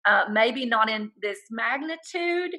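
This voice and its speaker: A woman hosts a video call interview, praising her guest with earnest warmth and stretching out her key words. Her voice sits a bit high and sounds bright and forceful. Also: lively intonation, takes it slowly, poor audio. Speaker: host.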